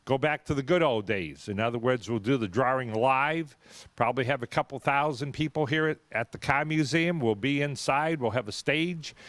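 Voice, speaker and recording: A man's voice: medium pitch, a bit bright, no room sound. Chatty man hosting a raffle. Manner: folksy, chatty, spells names out slowly. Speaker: charity raffle host. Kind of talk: live event announcing. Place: car museum event hall.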